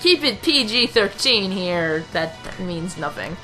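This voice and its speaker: A woman's voice: mid-range voice, expressive, unhurried, bright, forceful tone, faint music behind. A young woman casually commenting on a strategy game she plays, rambling, with filler sounds. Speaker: let's play host.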